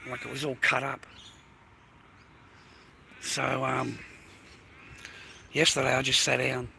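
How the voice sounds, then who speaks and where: A man with an Australian accent and a bright, forceful voice rambles aggrieved through a live stream, dropping curses every few words. He talks outdoors in an industrial area, with faint noise behind him. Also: medium pitch, flat delivery, slow, creaky. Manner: swears constantly, aggrieved and rambling. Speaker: livestreamer.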